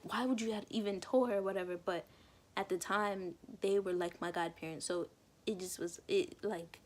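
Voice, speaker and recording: A woman's voice: medium pitch, moderate pace. A young woman casually telling a personal story to camera, acting out quotes of herself and others. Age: young adult. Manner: chatty, quotes herself and others in lively asides. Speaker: vlogger.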